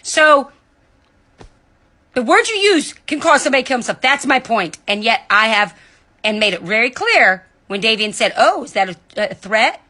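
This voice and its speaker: A woman delivering a heated, indignant monologue, cussing and swinging between loud outbursts and low muttering, recorded at home in bed. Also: lively intonation, moderate pace. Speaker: vlogger. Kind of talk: angry ranting monologue.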